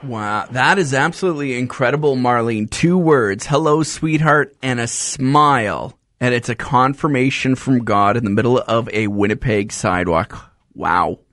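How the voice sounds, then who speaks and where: A man's voice: medium pitch, moderate pace, fairly bright tone, no echo. Upbeat male radio host, dry studio. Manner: upbeat, encouraging presenter. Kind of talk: radio show talk. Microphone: studio microphone.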